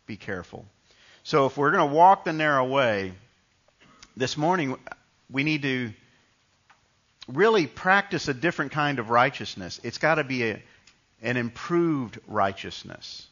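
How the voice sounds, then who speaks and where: A man's voice: medium pitch, fairly bright tone, lo-fi sound. A man from New York preaching a sermon in a conversational, storytelling way, often restarting his sentences. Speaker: pastor.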